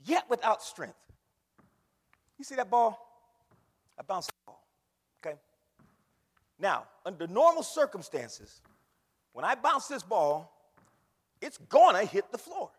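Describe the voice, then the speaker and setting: A man preaching a sermon with dramatic swings from shouts to hushed whispers, repeating words for emphasis. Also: sits high, sing-song, slow, pauses often, slightly rough, in a large hall.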